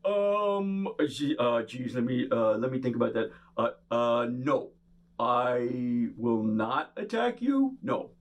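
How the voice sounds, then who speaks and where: Friendly foam monster, stammering and unsure, lively swoops in pitch, voiced by a man. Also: slow pace. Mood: hesitant. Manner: stammering, hesitant. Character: friendly bubbly foam monster, male, hesitant.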